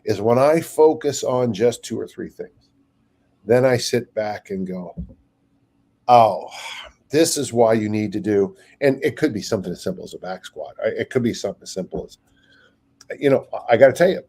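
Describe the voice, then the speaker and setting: Older man, husky and mellow, rambling. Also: mid-range voice, expressive, a little fast. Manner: rambling storyteller, acts out quotes. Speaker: strength coach. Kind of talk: casual podcast chat.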